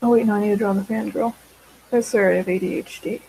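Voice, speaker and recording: A woman's voice: mid-range voice, steady tone, fast talker, vocal fry, mellow, breathy edge, low-quality recording. A teenage girl chatting casually while she draws, rambling with many fillers and side tracks. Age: teens. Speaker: vlogger.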